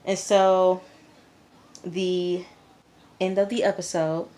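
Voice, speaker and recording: A woman's voice: low voice, a little slow, pauses often. A young woman reviewing a TV episode for her viewers, chatty and candid, addressing them as y'all. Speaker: TV review vlogger. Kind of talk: casual chat to viewers.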